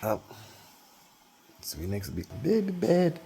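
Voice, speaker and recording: A woman with a low, very dark and mellow voice, talking very slowly in a cheerful, coaxing way while filming. Faint room noise hums behind her. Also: huge pitch swings, vocal fry, rough recording.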